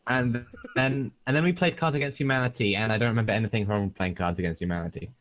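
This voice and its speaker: Rambling British man. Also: medium pitch. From Britain. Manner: rambling, halting storyteller. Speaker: podcast co-host. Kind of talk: casual chat.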